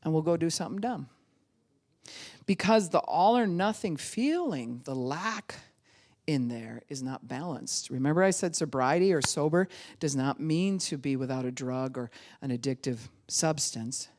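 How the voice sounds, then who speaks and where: A woman pastor delivers a sermon with a lively pitch that climbs and dips freely. She acts out quoted voices along the way and laughs often as she talks. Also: normal speed.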